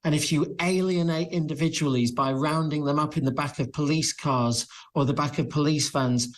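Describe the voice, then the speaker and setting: A man's voice: a little high, fairly even intonation, moderate pace. Earnest man arguing as a lawyer. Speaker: criminal lawyer guest. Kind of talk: TV studio debate.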